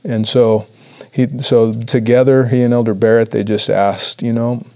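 A man giving a personal testimony talk to a church audience, earnest and halting with many restarts. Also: mid-range voice, flat delivery, darkish tone. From Idaho, USA. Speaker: church speaker.

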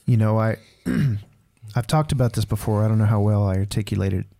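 A man's voice: fairly low pitch, fairly even intonation, brisk, vocal fry, mellow. A man hosting a faith conversation, thoughtful and supportive, sometimes searching for words. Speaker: podcast host. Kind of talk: casual conversation.

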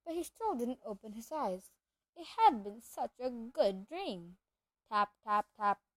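High-voiced woman reading a storybook. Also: measured pace, dry recording. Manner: expressive storytelling, lively voices. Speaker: audiobook reader. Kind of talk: reading a children's novel aloud.

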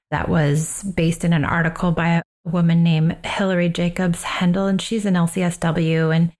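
A woman who is a parenting coach and host, talking through personal advice in a calm, unhurried, reflective way. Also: on the low side, gravelly.

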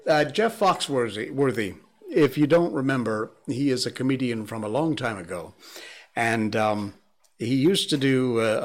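A man from Connecticut hosting a casual talk show, chatty, laughing and filling pauses with "uh" and "um". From Connecticut, New England. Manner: coaxing his dog in a high playful voice, then chatty and laughing. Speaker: show host. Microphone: studio mic.

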